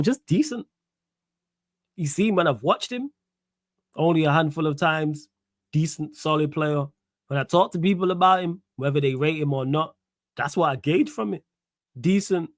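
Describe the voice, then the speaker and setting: A man's voice: fairly high pitch, dry recording. A young man hosting a solo football Q&A stream, chatting casually in slang and riffing on viewer comments. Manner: casual, slangy, laughs and riffs while reading comments. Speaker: host.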